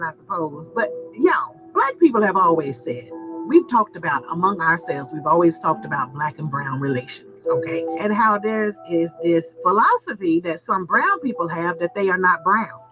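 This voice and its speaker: A woman's voice: on the low side, big pitch swings, normal speed. A woman vlogger venting to her viewers in a sassy, candid monologue, laughing as she talks. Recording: muffled lo-fi sound with loud music. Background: background music.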